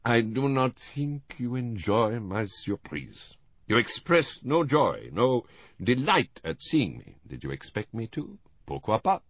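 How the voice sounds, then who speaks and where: Elderly detective, theatrical, precise, read by a man, lively, dry sound. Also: mid-range voice, measured pace, dry recording, highs cut off, voice pushed up. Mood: teasing. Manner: precise, theatrical, with French phrases. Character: fussy elderly male Belgian detective, playful.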